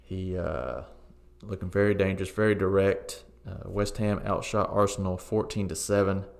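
A man co-hosting a football podcast, giving relaxed, opinionated match takes with frequent ums and uhs. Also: low-pitched, moderate pace, vocal fry. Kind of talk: casual sports chat.

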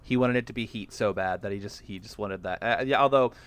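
A man hosting a casual movie podcast, animated and quick to laugh. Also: fairly low pitch, a little hiss or hum. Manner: animated, laughs often, jokey. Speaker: podcast host.

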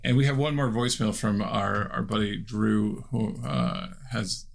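A man's voice: fairly low pitch, unhurried, gravelly. A man hosting a casual podcast chat, rambling and hesitant, restarting his thoughts. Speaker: podcast host.

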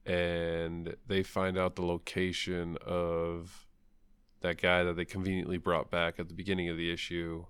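A man's voice: low voice, completely flat delivery, unhurried, fairly bright tone, smooth, no echo. A man talking casually about comics, blunt and rambling, swearing freely. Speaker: comic book podcast co-host. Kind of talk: casual chat.

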